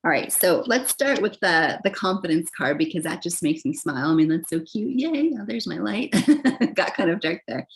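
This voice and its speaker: A young adult woman giving a casual, chatty tarot reading, gentle in tone and full of fillers and soft laughs. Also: fairly low pitch, expressive, normal speed, rough recording. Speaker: tarot reader.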